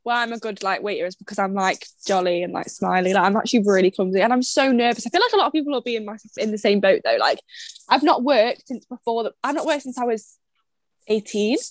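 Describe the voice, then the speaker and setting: A young woman in her twenties rattles through stories at a quick clip, her voice a little high. The sound is close and dry, with no room around it. She chats casually and swears freely. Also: dry recording. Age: 20s. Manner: rapid, swearing, storytelling. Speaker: podcast co-host. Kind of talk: casual chat.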